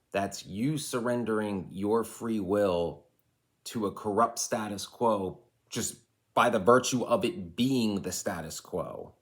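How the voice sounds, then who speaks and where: A man in his forties giving an impassioned, rambling rant straight to camera, with side remarks along the way. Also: sits low. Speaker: vlogger and life coach.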